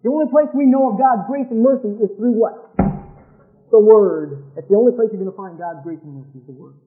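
A man's voice: high voice, a little fast. A man preaching a sermon, emphatic, repeating phrases and asking rhetorical questions. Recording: tinny phone-like sound.

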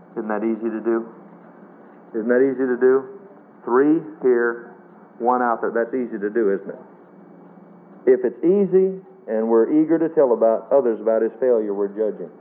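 Guy preaching, tells stories, asks the crowd stuff, tinny old radio sound. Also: lowish voice. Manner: emphatic, storytelling, asks the congregation questions. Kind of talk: sermon.

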